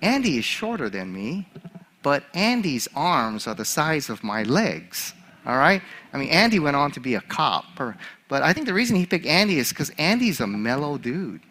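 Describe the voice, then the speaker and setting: Man, chaplain, sermon with a personal story, animated storyteller, bright forceful voice. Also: a little high, normal speed. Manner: animated storyteller, laughing at his own story.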